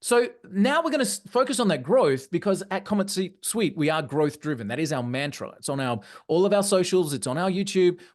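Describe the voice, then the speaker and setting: A man presenting a live online training session, energetic and often checking in with his audience. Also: sits high, a little fast, few pauses. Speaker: webinar presenter.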